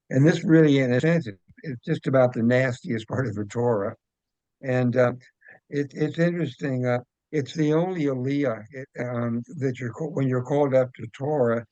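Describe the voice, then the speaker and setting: A man of middling pitch teaching an adult class, reading old scripture verses steadily and then stopping to explain them in everyday words. The recording is dry and rather dull, close to the voice. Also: darkish tone, no room sound. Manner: reads verses steadily, with plain conversational asides. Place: classroom or study room.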